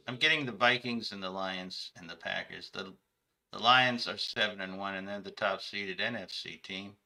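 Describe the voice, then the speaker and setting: Male comedy sports host with a rambling, self-correcting delivery and a gravelly, hard-edged voice. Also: sits low, moderate pace, sharp tone. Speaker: show host.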